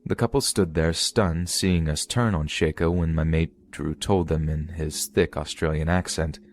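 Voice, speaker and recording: A man reading a creepy first-person story aloud in a steady storytelling delivery. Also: very deep voice, unhurried, hardly any pauses. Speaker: story narrator.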